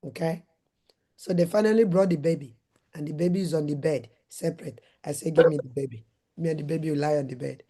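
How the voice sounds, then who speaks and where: A middle-aged woman from Nigeria with a Nigerian accent, a former nurse and midwife hosting a talk and telling her story in an animated way. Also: low voice, quick pace. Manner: acts out her own shouted lines in a raised voice.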